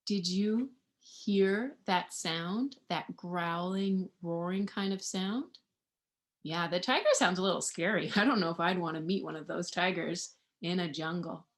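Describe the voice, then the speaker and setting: A woman reading a picture book aloud to young children in an animated way, asking them questions and imitating animal sounds. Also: lowish voice, measured pace. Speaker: children's storybook reader.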